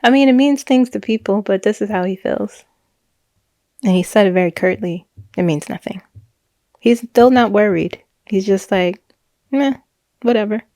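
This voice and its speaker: A woman talking through a psychic reading in a loose, chatty monologue, often laughing and restarting her sentences. Her voice sits at a middling pitch. The sound is dry and close, with no room echo. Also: normal speed, warm tone. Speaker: psychic reader. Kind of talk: casual monologue recounting a reading.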